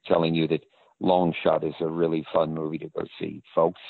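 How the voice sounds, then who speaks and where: A man's voice: extremely low pitch, level tone, fairly quick, gravelly, no echo. An older man, an actor guest in an interview, telling rambling anecdotes. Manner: rambling storyteller. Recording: tinny phone-line audio.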